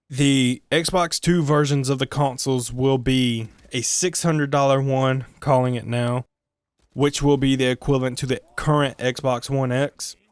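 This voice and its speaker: Male gaming vlogger, mid-range pitch, resonant voice, dry close sound, rambling self-mocking delivery. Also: clean tone, no room sound. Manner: joking, self-mocking, sidetracked asides; stumbles and restarts often. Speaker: gaming video creator. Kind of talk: rambling solo gaming commentary.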